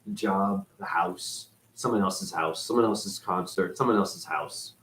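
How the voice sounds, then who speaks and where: A man rambling through a profane spiritual monologue, dropping to mutters and then jumping up in excited bursts. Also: low voice, measured pace, a little hiss or hum, poor audio. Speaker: spiritual video host.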